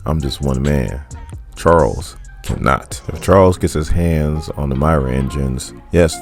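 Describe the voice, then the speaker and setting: A man's voice: rumbling low, a little slow, soft background music. A man voicing a smug, theatrical male villain scientist in a comic-book recap, delivering lines with grandiose, mocking self-regard. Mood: persuasive.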